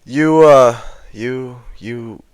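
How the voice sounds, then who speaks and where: A man's voice: mid-range voice, drawn-out words, clear, resonant tone, no room sound. A young man co-hosting a podcast, chatting casually in a laid-back, rambling way. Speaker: podcast co-host.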